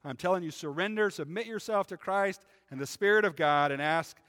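A man's voice: high-pitched, fairly quick, fairly bright tone. Man preaching in a reverberant church. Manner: conversational preaching with frequent "right?" asides. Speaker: pastor. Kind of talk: sermon. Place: church sanctuary.

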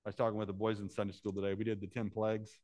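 A man preaching a sermon as pastor, rising to loud animated storytelling and dropping to soft hushed appeals. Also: lowish voice, rapid-fire, no room sound.

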